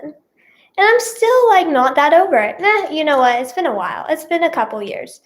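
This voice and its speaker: A woman's voice: high-pitched, sing-song, moderate pace. A woman vlogger chatting casually through a storytime, rambling with lots of fillers and repeats, and leaning dramatically on her feelings. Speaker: singer and vlogger.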